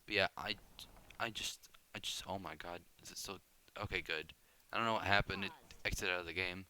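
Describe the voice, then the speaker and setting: A man's voice: sits low, fairly even intonation, fairly quick, sharp tone, clean tone. A young man giving casual gameplay commentary, rambling and self-deprecating, with frequent restarts and tangents. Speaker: gaming video creator.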